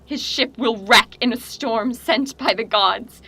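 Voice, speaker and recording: A woman's voice: fairly high pitch, unhurried, sharp tone, slightly rough, no echo, full character voice. A young woman, a student actor, playing a raving young prophetess princess in a stage tragedy, swinging between frenzied cries and grief. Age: young adult. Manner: frenzied outbursts and anguished cries.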